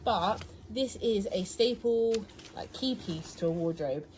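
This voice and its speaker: A woman's voice: medium pitch, expressive, unhurried, darkish tone, slight background noise, poor audio. A woman chatting casually in a haul video, enthusiastic as she shows her finds indoors at home. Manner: chatty, enthusiastic, showing items. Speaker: reseller vlogger, co-host.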